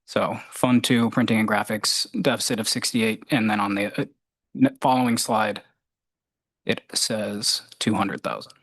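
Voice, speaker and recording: A committee member politely asking about slide figures at a budget meeting. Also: male voice, fairly low pitch, steady tone, a little slow, a bit bright, dry recording. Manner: polite, inquiring. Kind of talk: meeting question.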